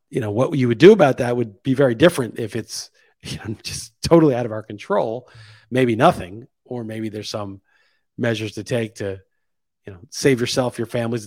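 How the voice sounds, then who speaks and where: A man's voice: lowish voice, darkish tone, dry recording, studio quality. A man hosting his own podcast, delivering a casual opinion monologue and thinking aloud, pushing his voice up to stress key points. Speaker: podcast host.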